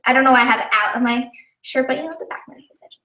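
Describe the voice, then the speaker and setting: A woman's voice: high voice, rapid-fire, sharp tone. A woman chatting casually on a live stream, rambling and giggly, tired and thirsty. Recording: echoey room, far from mic, faint noise.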